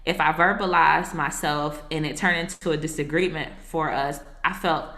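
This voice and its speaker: Low, bright-voiced woman telling her story. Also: fairly even intonation, normal speed. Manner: earnest, reflective, with casual asides to the host. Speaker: marriage coach and author, podcast guest. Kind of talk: personal storytelling in a casual interview. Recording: echoey room.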